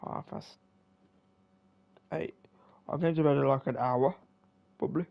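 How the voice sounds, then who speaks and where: Tired, gravelly man streaming games. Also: mid-range voice, a little slow, dull audio. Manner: rambling, self-deprecating, many fillers. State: tired, yawning. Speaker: game streamer. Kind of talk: casual commentary while playing.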